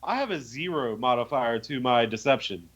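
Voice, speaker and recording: A young man co-hosting a podcast, retelling a tabletop game in animated, profane storytelling with lots of fillers. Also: mid-range voice, normal speed, slightly rough. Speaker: podcast co-host. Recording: muffled lo-fi audio.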